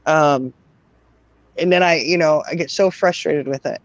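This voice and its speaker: A woman's voice: deep voice, a little slow, dry recording, muffled recording. Woman, interview guest, casual rambling talk, lots of "you know", frequent laughs, dry close sound. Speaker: guest parent of twelve children.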